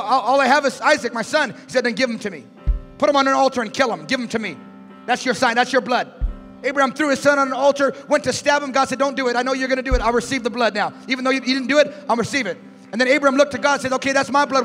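High-pitched shouting male preacher. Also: rapid-fire. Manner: shouting call-and-response, drives the crowd. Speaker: pastor. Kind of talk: preaching a sermon. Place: large church hall with music. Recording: echoey church hall with music behind.

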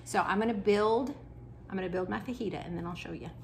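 A woman's voice: mid-range voice, fast, creaky, slight background noise. A woman, a health coach chatting casually through a cooking vlog at home, talking while she eats. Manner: chatty, talks while eating.

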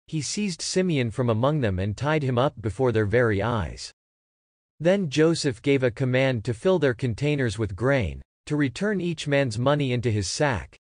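A man reading a Bible text aloud in a measured, clear scripted narration for a church lesson. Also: medium pitch, a little mellow, no echo, studio quality. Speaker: scripture reader.

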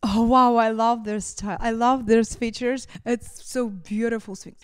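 A woman's voice: a little high, fairly even intonation, a little slow, over music. A woman vocal coach giving casual, enthusiastic reaction commentary as she listens to a singer, exclaiming often.

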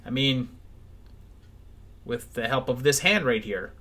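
Sarcastic, lively male movie reviewer. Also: mid-range voice, slow. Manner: sarcastic, wry. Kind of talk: scripted comedic video narration.

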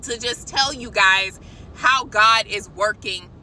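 A woman giving an excited, preachy spiritual message to her viewers from a parked car, calling them y'all. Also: medium pitch, takes it slowly, a little hiss or hum, rough recording. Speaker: christian vlogger. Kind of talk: casual spiritual vlog. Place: parked car outside a shop.

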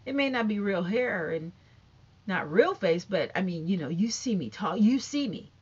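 A woman with a high, youthful-sounding voice chatting casually and sassily to camera about online gossip. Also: normal speed, slightly rough, dull audio. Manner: chatty, sassy, animated, talks straight to viewers. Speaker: YouTube commentator.

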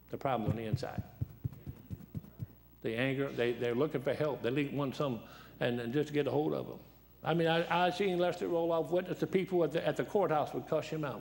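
Gravelly 70-year-old preacher telling folksy stories. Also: male voice, mid-range voice, fairly even intonation, fairly quick, pauses often, darkish tone. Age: 70s. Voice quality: worn, dried-up voice. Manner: joking, folksy, full of anecdotes. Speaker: guest preacher. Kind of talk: folksy storytelling sermon. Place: church.

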